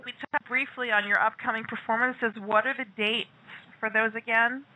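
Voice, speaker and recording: A woman hosts an internet radio interview and cheers her guest on effusively. Her voice has a bright, clear tone. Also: on the high side, fairly even intonation, normal speed, low-quality recording. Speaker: radio host.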